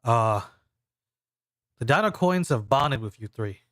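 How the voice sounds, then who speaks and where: Brief: man as a stern, exasperated ranger mentor, mid-pitched, crisp dry sound. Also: lively intonation, a bit bright, no echo. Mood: explaining. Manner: exasperated, measured and explanatory. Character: stern male veteran ranger mentor, a teacher. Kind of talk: game master voicing a character in a tabletop game.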